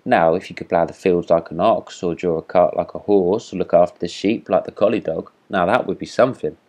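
A man's voice: low voice, fairly even intonation, brisk, a little mellow. A man voicing a peaceable, homely female duck in a storybook reading, in a mild, practical manner.

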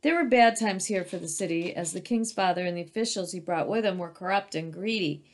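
A woman voicing a kind stone mother lion who gently scolds and explains. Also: fairly low pitch, brisk, close to an everyday voice. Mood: serious. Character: kindly mother lion, a stone guardian statue.

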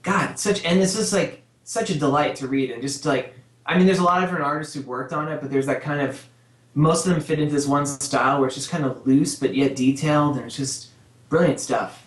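A man's voice: on the high side, brisk. A man, a guest cartoonist, chatting casually on a podcast, enthusiastic and laughing often with geeky asides. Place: his home studio by a bookshelf. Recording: roomy echoey sound.

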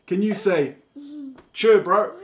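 Laid-back kiwi dad, playful and halting. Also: male voice, high voice. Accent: New Zealand. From New Zealand. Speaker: dad teaching his young daughter slang. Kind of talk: casual instructional video.

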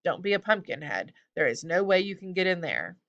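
A woman's voice: on the low side, big pitch swings, fairly quick, highs cut off. A woman voicing a cheeky, rude male hobgoblin who keeps calling people names. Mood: grumbling. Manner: loud, whiny, name-calling.

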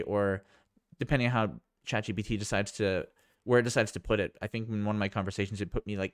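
A man's voice: on the low side, dry recording, studio quality. A man vlogging a casual screen demo, rambling and thinking aloud with amazement. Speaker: tech vlogger.

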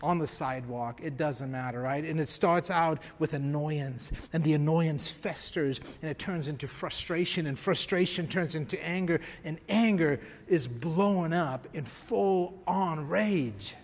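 A man preaching a sermon as pastor, emphatic, swinging from quiet to raised. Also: on the high side, unhurried, hardly any pauses, big-room sound. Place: church.

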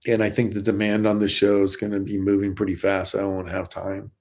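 A man's voice: fairly low pitch, fairly quick. A middle-aged man, a stuntman guest, telling stories in a casual interview with lots of restarts. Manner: animated storyteller with many restarts.

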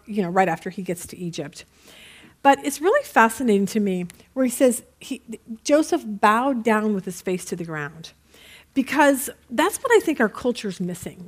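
A middle-aged woman with a slightly high voice teaches a Bible study class. She talks casually and warmly to her group, mixing in a joke now and then before reading the next verses aloud. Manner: chatty, tells jokes, reads scripture aloud.

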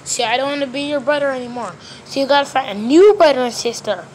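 A woman talking through a toy play scene, switching quickly between plush characters in loose, ungrammatical play talk. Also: sits high, a little mellow, a little hiss or hum. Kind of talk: toy play with many voices.

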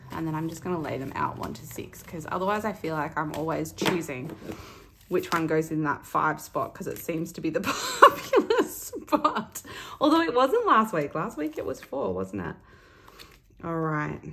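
A woman's voice: sits low, vocal fry. A woman with an Australian accent hosting a chatty budgeting vlog, bubbly as she counts out cash and rolls dice. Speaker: budgeting vlogger. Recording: loud background noise.

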